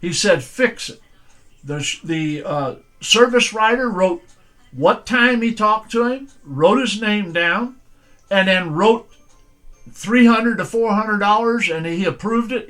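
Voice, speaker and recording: Bright-voiced older pastor. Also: male voice, sits high, unhurried. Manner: plainspoken storytelling, folksy and firm. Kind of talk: sermon with personal stories.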